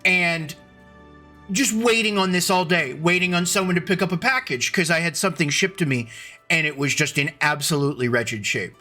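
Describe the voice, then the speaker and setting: Bright-voiced rambling male streamer. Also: on the high side, normal speed, faint music behind. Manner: rambling, restarting sentences, greeting chat by name. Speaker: live streamer host. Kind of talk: casual live-stream chat. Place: at home computer.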